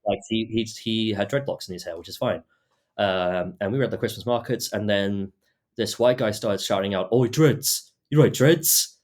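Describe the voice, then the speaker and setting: A man's voice: fairly low pitch, steady tone, normal speed. A young man who grew up between Britain and Australia, hosting a podcast and telling a story in a hesitant way, full of fillers and restarts. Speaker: podcast host. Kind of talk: casual storytelling.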